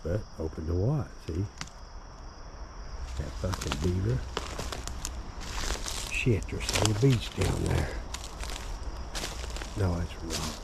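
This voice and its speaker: A tipsy man with a very low voice drawls slowly through a rambling, profane outdoor vlog, chuckling as he goes. He films on a handheld camera beside a river. Crickets and insects buzz loudly around him in the open air. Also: animated, gravelly. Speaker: bikepacking vlogger. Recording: outdoor recording with loud nature noise.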